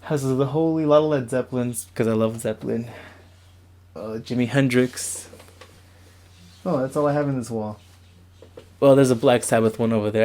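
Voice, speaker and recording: In a casual vlog recorded on a camera mic, a young man shows off his bedroom walls at home, meandering and poking fun at himself. He speaks in a mid-range, slightly mellow voice.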